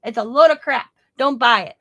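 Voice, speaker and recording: Woman putting on a gruff old German man. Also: a little high, brisk, a bit bright. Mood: scoffing. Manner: blunt, repeats himself, broken English.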